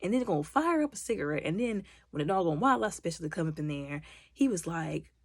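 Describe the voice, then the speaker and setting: A woman giving a casual movie recap, animated and exasperated, acting out characters' lines as she goes. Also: lowish voice, fairly quick, no echo, studio quality. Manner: exasperated, mocking commentary. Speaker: movie reviewer.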